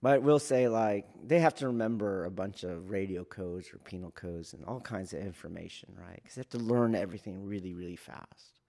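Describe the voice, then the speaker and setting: A man, a police academy instructor, explaining training in a casual teaching talk, checking in often with his listeners and acting out loud shouts. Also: deep voice, moderate pace, vocal fry. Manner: keeps checking in with "do you see?"; acts out trainees and yelling officers in sudden loud bursts.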